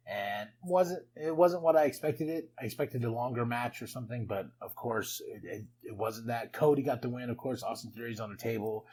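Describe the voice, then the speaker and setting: A man hosting a podcast, recapping wrestling in a casual, excitable way with frequent laughs and chatty asides. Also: lowish voice, a little hiss or hum, poor audio. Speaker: podcast host.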